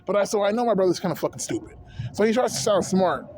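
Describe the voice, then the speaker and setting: A man's voice: high-pitched, lively intonation, fast, background noise. A man in his thirties venting in a rambling, profane, heated rant to camera as a vlogger. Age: 30s.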